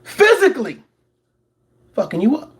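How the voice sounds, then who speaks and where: His very high-pitched voice swoops wildly as he talks at normal speed, hosting a reaction commentary channel. He preaches to viewers, leans on repeated words and mimics others in mocking voices.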